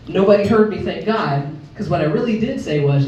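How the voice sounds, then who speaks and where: A woman's voice: lively intonation, quick pace, hardly any pauses, a little mellow. Brash woman in her fifties doing stand-up. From Chicago, Illinois. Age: 50s. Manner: brash, acts out voices with big pitch jumps. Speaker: stand-up comedian. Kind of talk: stand-up comedy set. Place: comedy club stage. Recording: echoey club from far off, faint noise. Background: audience laughter.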